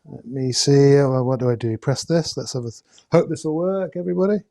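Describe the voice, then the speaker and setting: A man hosting a casual live-stream raffle draw from indoors, talking in a chatty, halting way with many hesitations and jokey asides. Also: mid-range voice, vocal fry, dark tone. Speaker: host drawing raffle prizes. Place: indoors at home with a camera crew.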